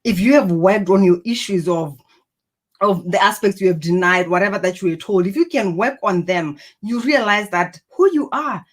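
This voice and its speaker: A woman's voice: medium pitch, normal speed. A woman giving an earnest, encouraging motivational talk to camera, reflecting on personality and purpose. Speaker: personal growth speaker.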